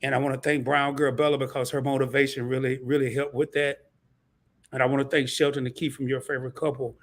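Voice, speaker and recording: A man joining a live stream as a guest, talking in a relaxed, chatty and earnest way. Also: mid-range voice, quick pace. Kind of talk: casual live-stream chat.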